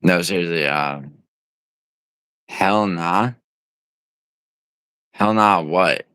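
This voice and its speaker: A man's voice: sits low, drawn-out words, bright, forceful tone, clean tone, no echo. A man livestreaming from home, rambling and teasing his viewers in profane, casual banter as he reads the chat. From United States.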